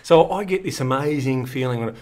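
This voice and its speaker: A man's voice: medium pitch, brisk, a little mellow. An Australian man co-hosting a finance podcast, joking and ribbing his partner in casual chat. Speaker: podcast co-host.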